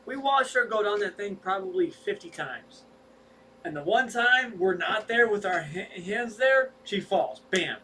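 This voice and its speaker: A man's voice: high voice, expressive, a little slow, sharp tone, distant mic, rough recording. A man co-hosting a casual livestream chat, rambling and restarting as he talks, set back from the mic with faint noise behind. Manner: rambling, restarts often, stretches words when stressing them. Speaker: co-host of a fish rescue livestream.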